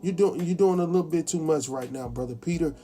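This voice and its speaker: A man's voice: fairly high pitch, faint music behind. A man hosting a casual TV episode recap, chatty and colloquial, acting out the characters' lines as he goes. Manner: animated, acts out characters' lines in quick impressions; chatty, colloquial, laughs at his own asides. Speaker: recap show host.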